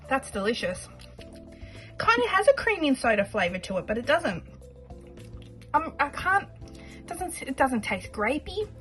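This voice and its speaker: A woman chatting casually to camera in a vlog, rambling a little and pausing often with fillers and second thoughts. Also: sits high, big pitch swings, fairly bright tone, faint music behind, poor audio. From Australia. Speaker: budgeting vlogger.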